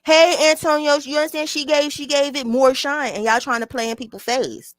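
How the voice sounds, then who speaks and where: A woman hosting a casual livestream talks bluntly to her chat, swearing plenty, through a small mic close to her mouth. Her voice is high and steady, her pace fairly quick, and there's no echo.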